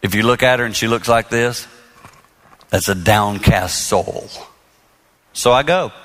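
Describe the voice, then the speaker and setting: Bright-voiced middle-aged male preacher. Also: on the low side, measured pace, long reverb tail. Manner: humorous, self-deprecating storytelling that turns earnest. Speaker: marriage speaker and minister. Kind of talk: storytelling sermon.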